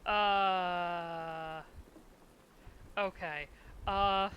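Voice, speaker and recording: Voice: mid-range voice, fairly even intonation, extremely slow, lo-fi sound, a little hiss or hum. A streamer chatting casually with their audience while drawing emotes, rambling and chuckling often.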